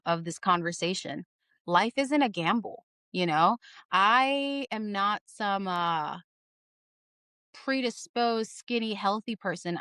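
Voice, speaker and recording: A woman's voice: medium pitch, a bit bright, no echo, studio quality. A young adult woman, a podcast guest, telling her story in casual, earnest speech and repeating phrases for emphasis.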